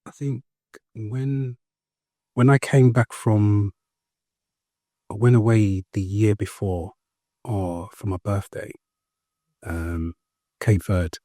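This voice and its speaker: A man's voice: fairly low pitch, fairly even intonation, slow, pauses often, dark tone, no echo, clean studio sound. A young man telling his personal story as an interview guest, earnest and hesitant, with frequent ums and restarts. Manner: earnest, recounting step by step.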